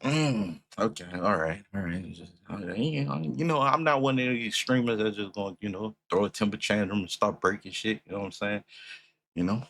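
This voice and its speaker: A man streaming a music reaction, talking casually and swearing often, swinging between loud outrage and low muttering. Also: a little fast, creaky.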